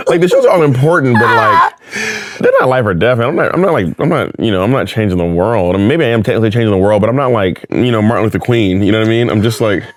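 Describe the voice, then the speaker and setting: A man in his thirties, a guest in a casual interview, telling stories with big swings of pitch and frequent laughter. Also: fairly quick, pauses often, a little hiss or hum. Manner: animated storyteller, laughs often, swings pitch for effect. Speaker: guest, drag performer and author.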